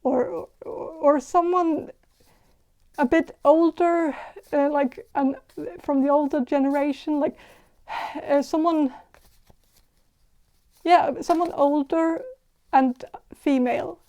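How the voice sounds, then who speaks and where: A woman giving a casual tarot reading, talking in a halting, hesitant way with many fillers and restarts. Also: sits high, fairly even intonation, darkish tone. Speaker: tarot reader.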